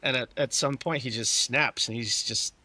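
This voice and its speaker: A man's voice: mid-range voice, fairly even intonation, normal speed, pushed and bright. A man, a guest on a podcast, talking casually with many restarts. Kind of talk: casual chat.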